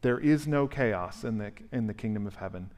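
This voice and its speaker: A male pastor preaching a conversational, animated sermon and asking the congregation questions in a church sanctuary. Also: on the low side, moderate pace.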